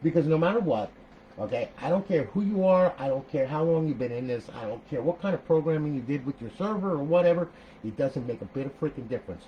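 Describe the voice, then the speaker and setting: Talking fast at a fairly high pitch, a man casually walks viewers through a modded game console setup in a screen-recorded tutorial. He asks "okay?" after nearly every step and breaks into animated outbursts, and the highs in the audio are cut off.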